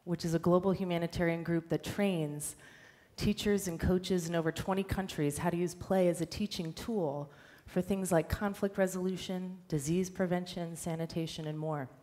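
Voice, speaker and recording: A woman speaks on a stage in an earnest, measured prepared talk. Her voice sits a little low for a woman, and her delivery stays clear and steady. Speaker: director of a nonprofit, conference speaker. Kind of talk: prepared speech. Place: stage before a live audience.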